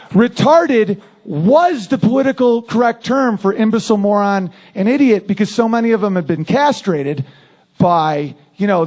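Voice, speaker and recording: A man's voice: high voice, darkish tone. A man doing a crude, brash stand-up routine who often laughs at his own lines. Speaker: stand-up comedian.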